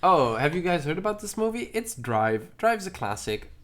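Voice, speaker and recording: A man's voice: a little high, very animated, moderate pace, a bit bright. A man streaming from home in a casual, chatty way, enthusiastically praising things and often repeating himself. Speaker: streamer showing his movie collection.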